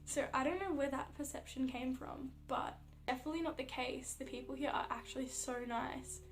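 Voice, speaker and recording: A young woman with an Australian accent talks casually to camera, her voice sitting notably high. She tells stories in a chatty, animated way, dropping plenty of fillers, with a faint hum behind her. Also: fairly quick. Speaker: athlete vlogger.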